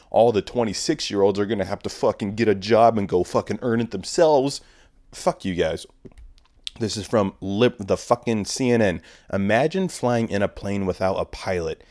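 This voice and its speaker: A man's voice: on the low side, fairly quick, darkish tone, no room sound, clean studio sound. A young man hosting his own podcast, ranting in a rambling, profane, sarcastic way. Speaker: podcast host. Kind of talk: casual comedic rant.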